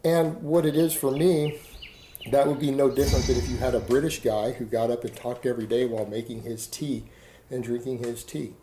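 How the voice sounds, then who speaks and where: A man's voice: mid-range voice, fairly even intonation, a little fast, mellow, a little hiss or hum, poor audio. A middle-aged man from Texas in a casual, rambling monologue to camera, defiant and full of rhetorical questions. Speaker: online video creator.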